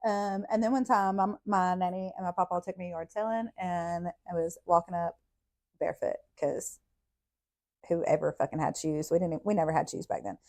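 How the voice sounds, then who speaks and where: A woman, a podcast host telling childhood stories in a blunt, profane, animated way. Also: lowish voice, moderate pace. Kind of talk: casual storytelling.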